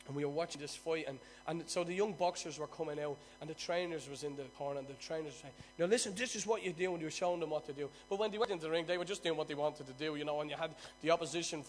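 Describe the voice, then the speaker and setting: An Irish man preaching a sermon, telling stories with loud bursts and quiet asides. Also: on the high side.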